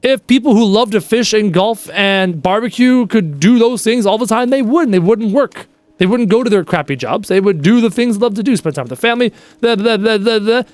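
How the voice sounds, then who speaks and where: A man's voice: high-pitched, animated, brisk, darkish tone, no echo. A man live-streaming a game, chatting casually and reading out viewers' messages in a playful way. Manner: chatty, reads chat aloud, playful.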